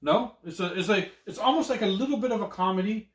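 A man's voice: high voice, animated, fast. A married man hosting his own podcast in loose chat. He swears freely and laughs a lot. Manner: loud, profane, laughs often. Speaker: podcast host. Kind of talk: casual chat. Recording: echoey room, mic at a distance.

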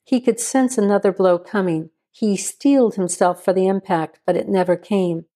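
Mellow woman narrating a suspense story. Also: mid-range voice, normal speed. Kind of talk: scripted audio drama narration.

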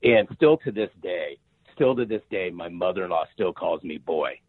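A man's voice: low-pitched, expressive, normal speed, no echo. A man in his fifties, a sales author and podcast guest, talking emphatically and often asking "right?". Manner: emphatic, repeats words, asks "right?" often. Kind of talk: energetic interview talk. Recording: tinny phone-line sound.

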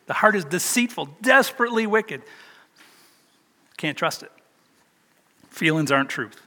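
A man's voice: high voice, animated, a little slow, bright, forceful tone, in a large hall. An older man preaching a sermon, telling a personal story in a chatty, self-deprecating way. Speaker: pastor.

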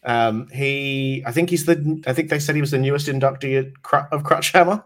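A man's voice: medium pitch, fairly quick. A man co-hosting a casual gaming podcast, recapping his games in an easygoing way with plenty of fillers. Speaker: podcast co-host.

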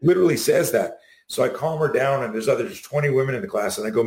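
A middle-aged man being interviewed, talking in an animated way and acting out the quotes in his stories. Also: mid-range voice, quick pace. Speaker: guest. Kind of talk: casual interview. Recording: roomy echo.

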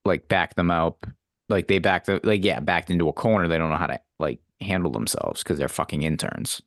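Deep-voiced blunt podcast co-host. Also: male voice, a little fast, no echo, studio quality. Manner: blunt, dismissive, heavy swearing. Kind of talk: casual chat.

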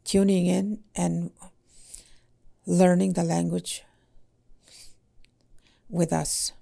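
A woman language teacher in casual podcast talk, speaking haltingly with many fillers and "eh?" tags. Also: lowish voice, level tone, gravelly, mellow.

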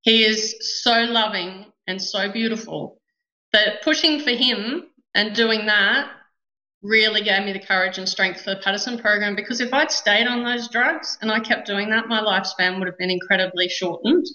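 A woman's voice: mid-range voice, normal speed, bright, forceful tone. A middle-aged Australian woman telling her personal story as a podcast guest, in an earnest, heartfelt way. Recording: echoey room, dull lo-fi sound.

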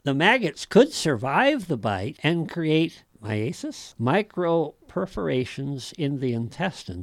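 A man's voice: medium pitch, no echo. A man hosting a casual chat, reading notes aloud with wry asides and frequent laughs. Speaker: host.

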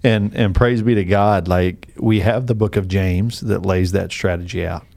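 A man with a fairly low voice speaks earnestly in a studio podcast chat. He explains a passage of scripture step by step, dropping in casual filler words as he goes. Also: fairly even intonation, normal speed, vocal fry, darkish tone. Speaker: podcast co-host.

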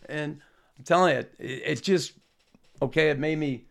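A man, a former hockey player telling an animated anecdote and acting out quotes. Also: fairly high pitch, normal speed, vocal fry. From Boston area. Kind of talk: anecdotal storytelling.

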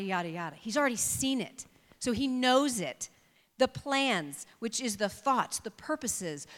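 A woman's voice: fairly high pitch, bright, forceful tone. A woman preaching a sermon, reading scripture expressively and building her emphasis as she goes. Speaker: pastor. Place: church sanctuary. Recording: reverberant hall.

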